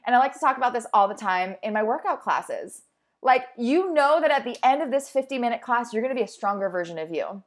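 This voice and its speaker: A fast-talking young woman with a slightly high voice and lively intonation gives a motivational monologue. As a fitness instructor and host, she keeps it upbeat, encouraging and conversational, slipping into acted-out inner voices.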